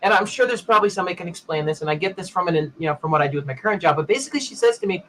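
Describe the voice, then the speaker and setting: A man's voice: high-pitched, expressive, rapid-fire, hardly any pauses, a bit bright, slight background noise, low-quality recording. A man hosting a casual tech chat, telling a long anecdote and acting out the other people in it. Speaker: show host.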